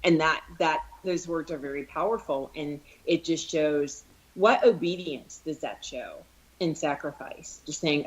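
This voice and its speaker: Low-voiced woman, earnest podcast talk. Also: a little slow, muffled recording. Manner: earnest, restarts phrases, retells scenes with feeling. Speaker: podcast co-host. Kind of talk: casual discussion on faith.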